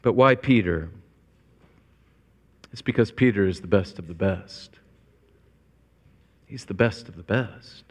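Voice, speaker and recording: A man's voice: fairly low pitch, takes it slowly, long pauses. A man preaching a sermon to his congregation, earnest and storytelling, with a long church reverb. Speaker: pastor. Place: church sanctuary.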